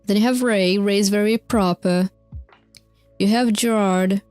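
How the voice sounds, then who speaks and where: A woman's voice: medium pitch, steady tone, a little slow, a little mellow, smooth, soft background music. A young woman streamer casually recapping concert lore, rambling with fillers, swearing and laughing often. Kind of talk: casual chat over video clips.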